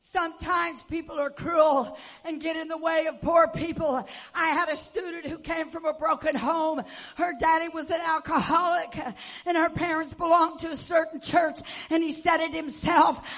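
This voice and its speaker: A woman preacher giving an impassioned sermon, moving between hushed tones and shouting as she tells stories. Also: extremely high pitch, flat delivery, moderate pace. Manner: storytelling with acted-out quotes.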